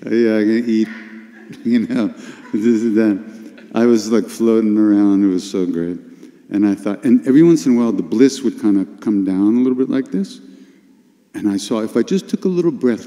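An older man telling a personal spiritual story at a retreat workshop, unhurried and confessional, with sudden animated bursts. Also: fairly low pitch. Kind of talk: storytelling talk. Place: retreat hall with an audience. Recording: long hall reverb.

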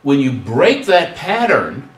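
Animated man lecturing in an echoey room. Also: medium pitch, slow pace. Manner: animated, acts out dialogues with humor. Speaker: guest speaker on student service. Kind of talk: workshop presentation. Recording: roomy hall, distant mic.

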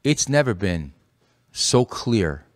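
A man's voice: fairly low pitch, big pitch swings, slow pace. Impassioned preaching man on radio. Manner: impassioned, rising to forceful emphasis; repeats phrases for emphasis. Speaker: radio show co-host.

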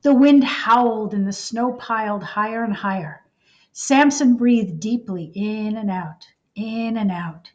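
A woman reading a children's storybook aloud in an expressive, unhurried way. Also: a little high, highs cut off. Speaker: storybook reader.

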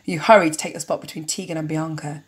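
A woman's voice: deep voice, steady tone, fast. A young woman reading a story game aloud as she plays, chatty with jokey asides between the lines. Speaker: let's-play narrator. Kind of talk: casual game narration with commentary.

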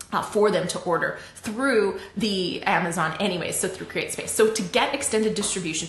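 A woman's voice: fairly low pitch, a little hiss or hum. Chatty Canadian woman in an echoey room. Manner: chatty and animated, laughs often. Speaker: livestream host. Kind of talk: casual livestream teaching.

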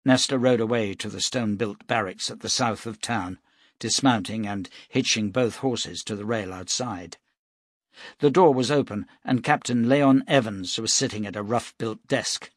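A man reading a novel aloud as narrator, in a steady, even way. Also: fairly low pitch, normal speed, dry recording, studio quality. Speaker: audiobook narrator. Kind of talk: scripted narration.

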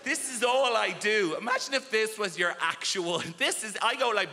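A man's voice: high-pitched, normal speed. A man performing a stand-up comedy set in a theatre, telling stories with punchy timing and acting out quoted voices. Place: large theatre stage. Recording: echoey theatre with loud audience. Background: audience laughter.

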